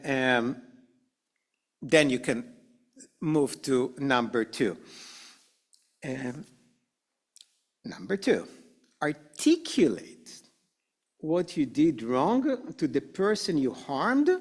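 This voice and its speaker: Animated, slow-talking male teacher. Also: a little high. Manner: animated, acts out quoted excuses. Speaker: adult education teacher. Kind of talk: classroom lecture. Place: synagogue classroom.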